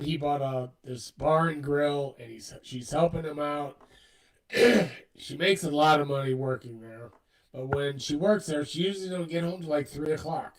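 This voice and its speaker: A co-host with a fairly high voice tells a rambling story in casual chat, acting out the dialogue as he goes. He sits back from the mic, so he sounds distant and the audio is poor.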